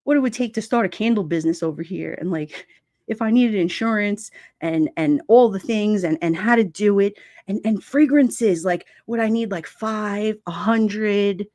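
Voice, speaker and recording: Reading out comments from viewers, the woman running this livestream keeps things casual, laughing frequently and shifting into other voices for quotes. She's an adult with kids, with a mid-range, slightly mellow voice at normal speed. There's no room sound and the quality is studio-grade.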